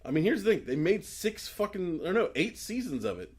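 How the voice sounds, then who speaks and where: Rambling, swearing podcast host. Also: male voice, high-pitched, sing-song, a little fast, darkish tone, husky. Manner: rambling, swearing, laughs often, retells scenes in put-on voices. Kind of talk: casual chat.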